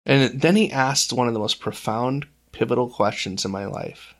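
A man co-hosts a faith podcast in a casual discussion, sincerely sharing a personal story and acting out other people's voices. His voice sits at medium pitch with a fairly bright tone, and he speaks at a moderate pace.

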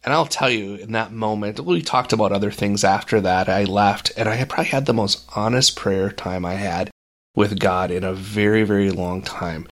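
A man's voice: on the low side, moderate pace. A man co-hosting a faith podcast, telling a personal story in earnest and acting out the voices of others. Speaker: podcast co-host. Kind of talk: casual faith discussion.

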